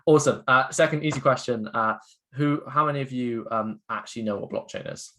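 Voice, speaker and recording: A man's voice: mid-range voice, a little fast, sharp tone. Chatty upbeat man on a video call. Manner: chatty, upbeat, filler-heavy. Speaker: guest speaker, education co-founder. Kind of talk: interactive online talk.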